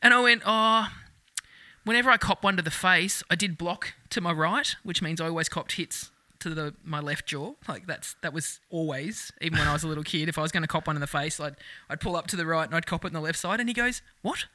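An Australian woman in her thirties, cohosting a loose, foul-mouthed chat. She laughs through her stories and puts on the voices of the people in them. Her voice is very bright, and the sound is dry and close. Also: deep voice, quick pace, dry recording. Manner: crude, laughing, animated storyteller who acts out quotes. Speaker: podcast co-host. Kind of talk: casual chat.

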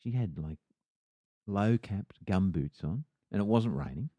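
A man with a very low voice co-hosts a casual podcast. He tells relaxed, profane anecdotes. His voice sounds dry and close to the mic. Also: measured pace, no echo. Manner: laid-back, profane anecdote-teller. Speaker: podcast co-host. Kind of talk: casual chat.

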